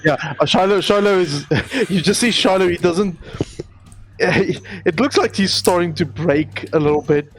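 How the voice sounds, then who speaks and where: A man's voice: high voice, unhurried. A man player describing his character, stammering and laughing as he goes.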